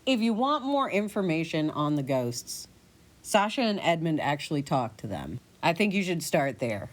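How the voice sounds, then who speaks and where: A woman's voice: deep voice, sing-song, normal speed. A woman voicing a worried male innkeeper who tells of ghosts haunting his inn.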